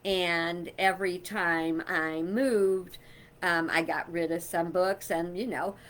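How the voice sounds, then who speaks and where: A middle-aged woman talks to her viewers in a loud, rambling, friendly chat. Her tone is bright and ringing, and she takes her time, unhurried and drawn out. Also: on the low side, steady tone. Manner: chatty, loud, rambling with fillers and laughs. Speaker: vlogger. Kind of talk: casual chat to camera.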